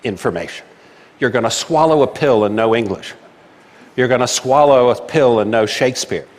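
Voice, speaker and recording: A man's voice: mid-range voice, lively intonation, moderate pace. Man explaining confidently in a reverberant hall. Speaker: speaker. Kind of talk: talk and onstage Q&A.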